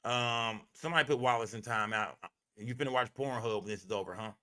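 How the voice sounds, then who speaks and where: A man hosts a livestream and rants in a bright, forceful voice. He is profane and emphatic, and he circles back to repeat his points. The delivery is heated and blunt. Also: medium pitch, fairly quick. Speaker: livestream host.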